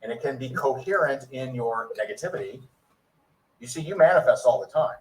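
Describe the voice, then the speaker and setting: A man's voice: medium pitch, expressive, brisk, recorded from a distance, low-quality recording. A man giving a motivational network marketing training in a preachy coaching manner. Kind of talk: recorded training talk.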